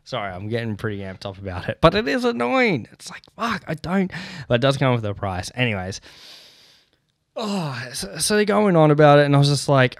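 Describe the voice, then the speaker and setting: A man's voice: mid-range voice, no room sound, clean studio sound. Swearing, laughing man ranting. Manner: swears a lot, laughs between lines, animated rants. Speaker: podcast host. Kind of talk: casual solo podcast storytelling.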